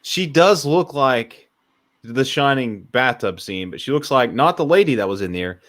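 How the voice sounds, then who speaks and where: A man's voice: medium pitch, normal speed. A man co-hosting a podcast, chatting casually about a film, rambling and jokey as he retells scenes. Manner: rambling, jokey, animated storytelling. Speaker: podcast co-host. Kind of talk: casual movie discussion.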